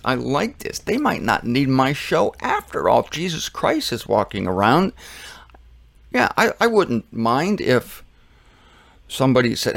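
A man's voice: mid-range voice, huge pitch swings, unhurried, creaky, a bit bright, no room sound. A man hosting a casual Bible teaching show, rambling and joking, often trailing off and restarting.

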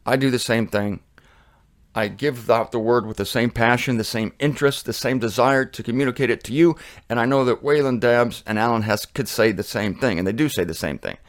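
A man's voice: medium pitch, brisk. Middle-aged guy teaching bible on his show, talks to viewers casual but fired up, mid-range voice. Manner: passionate, conversational, reads scripture aloud.

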